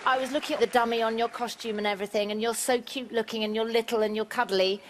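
A woman on a TV panel, gushing warmly as she explains her guess. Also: a little high, steady tone, quick pace. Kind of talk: TV panel chat. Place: TV studio. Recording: heavy background noise.

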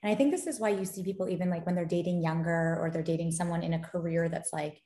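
A woman's voice: lowish voice, fast. A woman who founded a gaming company, a guest chatting casually in an interview and telling stories with animation and frequent laughter. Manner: animated storyteller, laughs often. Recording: roomy echo.

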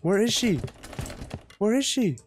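A woman playing a horror game with her partner in casual chat, excitable and slangy, yelling warnings. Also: medium pitch, unhurried, a little hiss or hum. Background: game music.

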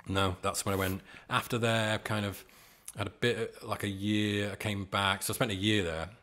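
A man in his forties talks through his past in a loose, meandering way, often chuckling at himself. His voice sits very low. It is a relaxed podcast-guest chat. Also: normal speed. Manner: rambling, chuckling, self-deprecating. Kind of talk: casual storytelling chat.

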